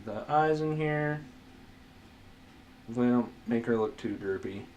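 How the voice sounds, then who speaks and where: A man's voice: mid-range voice, normal speed, darkish tone, slight background noise. A man giving a casual drawing tutorial as he sketches, rambling, muttering asides to himself, self-mocking and swearing now and then. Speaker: art tutor.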